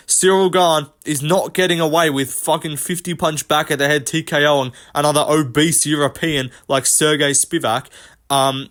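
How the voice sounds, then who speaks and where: A young man hosting a fight commentary video, ranting fast and brashly with plenty of swearing and slang. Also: a little high, steady tone, a bit bright. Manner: profane, rapid, brash slang-heavy ranting. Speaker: host. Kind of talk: MMA commentary rant.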